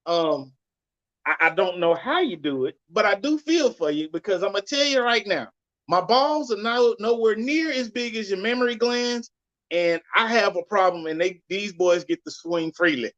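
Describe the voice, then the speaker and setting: A man hosting a podcast, giving a loud, blunt, cursing rant with sudden jumps in pitch. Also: expressive, moderate pace. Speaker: podcast host. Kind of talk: profane ranting monologue. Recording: dull lo-fi sound.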